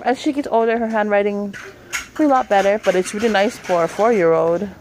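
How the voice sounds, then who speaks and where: A woman's voice: medium pitch, brisk, darkish tone, a little hiss or hum. A woman in a casual home vlog, chatting straight to her viewers through a handheld camera. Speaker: vlogger.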